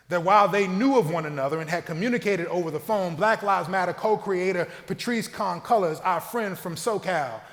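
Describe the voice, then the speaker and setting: A slightly high-pitched clergyman from the American South reads a prepared talk in a church, measured and earnest, leaning hard into key phrases. His voice rings out with a long hall reverb behind it. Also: a bit bright.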